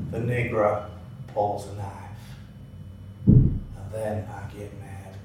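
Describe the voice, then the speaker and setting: An actor playing an older, bigoted night-shift cook who tells a rambling, folksy story in a drawl, captured on an echoey stage from afar. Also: male voice, on the high side, sharp tone, far from the mic, slight background noise. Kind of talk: theatrical monologue.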